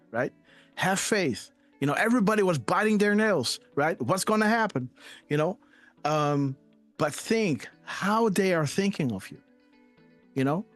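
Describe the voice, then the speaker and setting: Animated man hosting a live stream. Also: high-pitched, no echo. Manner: emphatic, repeats "right?" and "you know"; emotional, trailing off softly at ends. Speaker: live show host. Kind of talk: casual commentary reading posts aloud.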